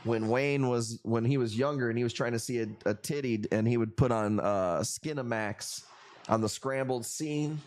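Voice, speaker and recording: A man's voice: mid-range voice, moderate pace, slight background noise. A man hosting a live coral auction stream, bantering loosely and profanely with viewers and calling out bids.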